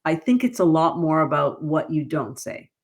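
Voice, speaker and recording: A woman grief counselor and author talking in an interview, lively and jumping high in pitch when she quotes people. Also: normal speed. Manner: animated, rises high when quoting others. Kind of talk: conversational interview.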